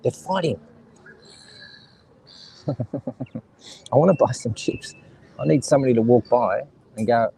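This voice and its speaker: Husky Australian man streaming outdoors. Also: mid-range voice, animated, a little slow, long pauses, a little mellow, low-quality recording. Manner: rambling, jokey, talks to chat viewers. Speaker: live streamer. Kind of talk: casual live stream chat. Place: outdoors by the seaside, kids and seagulls around.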